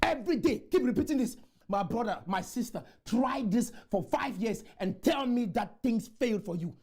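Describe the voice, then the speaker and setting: A man from Cameroon, giving a motivational conference speech full of repeated chants that burst into shouts. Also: very high voice, animated, moderate pace, husky. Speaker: motivational speaker. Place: conference room.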